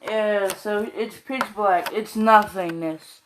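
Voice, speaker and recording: A woman's voice: mid-range voice, steady tone, takes it slowly, background noise. A tired woman rambling casually in slang and swearing as she retells a fan story late at night.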